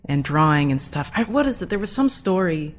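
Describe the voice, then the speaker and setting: A woman, the show's creator, chatting in an animated, rambling way and laughing often as an interview guest. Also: deep voice, brisk. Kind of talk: casual chat.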